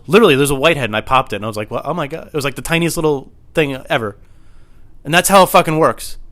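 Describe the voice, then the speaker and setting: Fast, bright-voiced anxious storyteller man. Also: medium pitch. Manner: anxious, rambling, swearing, builds to shouting. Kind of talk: comedic storytelling monologue.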